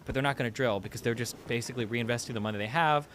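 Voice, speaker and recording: A man's voice: medium pitch, racing. A man in casual discussion, explaining at length, hedging his points and swearing now and then. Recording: noisy stream audio with clicks.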